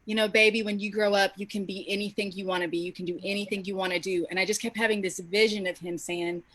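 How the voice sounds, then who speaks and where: A woman's voice: mid-range voice, steady tone, fast, fairly bright tone. A woman singer and educator on a video call, talking about her path in a heartfelt, reflective way. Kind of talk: casual panel chat.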